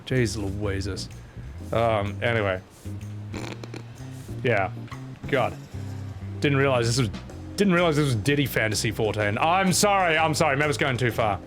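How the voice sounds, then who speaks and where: A man's voice: medium pitch, unhurried, pauses often. A man streaming a game, commenting with crude jokes and self-mocking asides over faint music.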